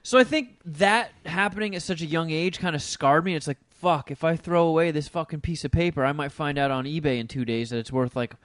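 A man with a somewhat high voice, rambling through stories in a relaxed, casual chat. He swears constantly and restarts his sentences as he goes. The recording is dry, with no room around it. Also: a little fast, hardly any pauses, no echo. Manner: profane, rambling storyteller.

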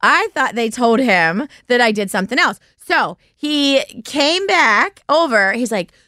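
A woman's voice: fairly high pitch, lively intonation, a little slow, sharp tone, no room sound, clean studio sound. A woman in her forties hosting a podcast, telling stories in a casual chat and laughing often. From United States. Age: 40s. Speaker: podcast host.

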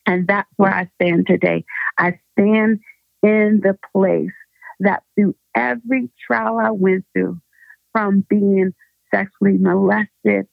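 Woman guest, gravelly voice, fervent preacherly testimony, dry tinny phone line. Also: medium pitch, no room sound. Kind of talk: personal faith testimony. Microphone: phone call.

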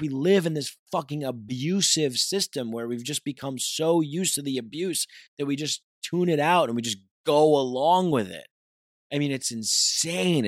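A man's voice: fairly high pitch, no echo, clean studio sound. A man delivering an intense, profane monologue that circles back on its own points. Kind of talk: ranting monologue.

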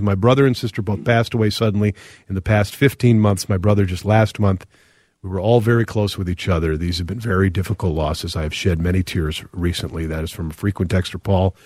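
A middle-aged man hosting a radio talk show, reading listener texts aloud in an earnest, reflective way with frequent pauses. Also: on the low side, a little mellow, dry recording, studio quality.

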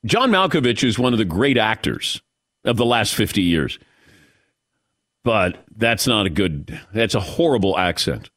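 A man's voice: on the low side, big pitch swings, moderate pace, fairly bright tone. A man hosting a sports talk radio show, firing off opinionated takes and rhetorical questions.

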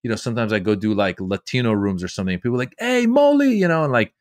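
Comedian guy telling stories in an interview, pretty low voice, dry mic, does little voices. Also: rapid-fire, no echo. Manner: animated storyteller doing quoted voices. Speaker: comedian guest. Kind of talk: storytelling interview.

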